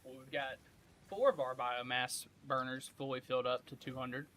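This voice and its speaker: A man livestreaming a game, chatting casually in a relaxed, joking way. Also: mid-range voice, moderate pace, slight background noise. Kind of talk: casual gameplay chat.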